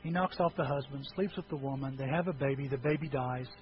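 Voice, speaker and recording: A man preaching a sermon as pastor, animated, breaking into high yelping voices when he acts out quotes. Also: fast, dull audio, slight background noise.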